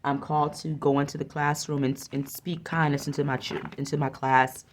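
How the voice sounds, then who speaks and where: A woman's voice: low-pitched, level tone, brisk, slight background noise. A woman giving an oracle card reading, speaking earnestly and encouragingly and often repeating her phrases. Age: adult with a young son.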